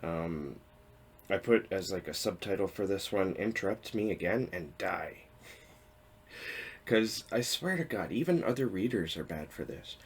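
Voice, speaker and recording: A man in his thirties talks casually to the camera, his voice deep and a little husky. He rambles, restarts his sentences and chuckles at himself as he goes. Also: animated, a little slow. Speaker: book vlogger. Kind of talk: casual talking-head vlog.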